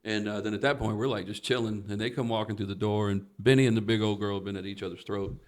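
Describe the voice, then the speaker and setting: A man's voice: fairly low pitch, little pitch movement, quick pace. A man who is a podcast guest tells a comic story in a rambling, profane way and laughs often.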